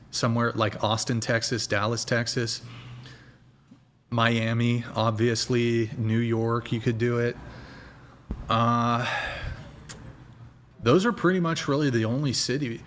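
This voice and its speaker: A young man chats loosely on a livestream, rambling from one thought to the next and swearing casually. His voice sits in a middle pitch, picked up by a desk mic at home. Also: a little hiss or hum. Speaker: host.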